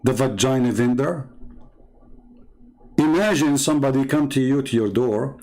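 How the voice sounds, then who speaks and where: A man with an Arabic accent speaks in a mid-range voice, combative and mocking as he answers commenters on a live stream. He often restarts and repeats words, then suddenly leaps up in pitch to taunt. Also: moderate pace, a little mellow, rough recording. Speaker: livestream host reading viewer comments.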